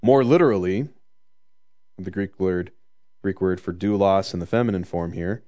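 A man preaching a conversational sermon, joking in asides and slowing down to stress the scripture. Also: deep voice, mellow.

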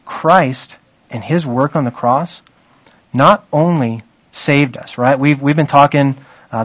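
A man's voice: medium pitch, no room sound, highs cut off. Plain conversational man teaching scripture. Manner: conversational, checks in often with the group. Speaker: Bible study teacher. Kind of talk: teaching a Bible study.

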